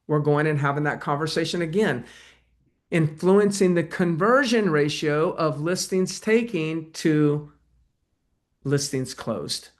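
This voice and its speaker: A man's voice: on the high side, takes it slowly. A man coaching real estate agents in a webinar, talking conversationally and acting out sales calls. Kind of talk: webinar presentation and Q&A.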